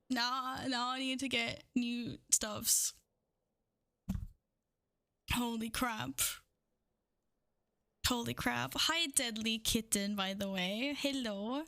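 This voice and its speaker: A woman's voice: a little high, steady tone, slow, long pauses, pushed and bright, no room sound. A woman livestreamer in casual chat, overwhelmed and shaking, gushing thanks between swearing and laughter, on a studio microphone. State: shaking with excitement. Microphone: studio microphone with windscreen.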